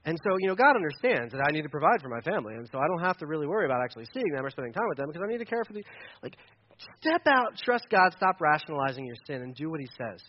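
A man with a high, lifted voice preaches with passion in a loose, conversational way, as pastor of a young church. The recording sounds dull and lo-fi. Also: sing-song, racing, slight background noise. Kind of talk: sermon.

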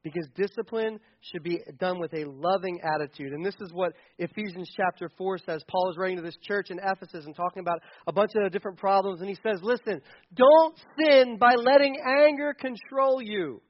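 A man's voice: high voice, brisk, highs cut off. A middle-aged man preaching a sermon to a congregation, earnest and emphatic, repeating key phrases. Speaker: pastor.

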